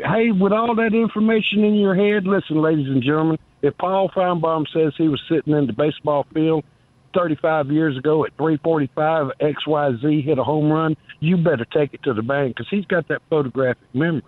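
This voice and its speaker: A man calls into a radio show and rambles through a folksy, teasing rant. His voice sits fairly high. The phone line is tinny and dry. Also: fairly even intonation, fairly quick, dry recording. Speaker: caller.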